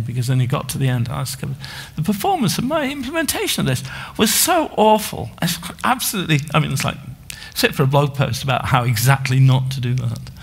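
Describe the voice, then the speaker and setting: A man co-presents a technical conference talk, speaking in a halting way with frequent restarts and fillers. His voice sits at a middle pitch. He explains as an author walking through his own book. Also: husky. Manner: hesitant, many restarts and fillers.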